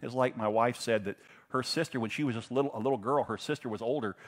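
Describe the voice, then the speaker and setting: A middle-aged man preaching a sermon, telling stories in a conversational way and swinging from loud emphasis to hushed, intense passages. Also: mid-range voice, fast. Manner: conversational storytelling with fillers. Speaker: pastor.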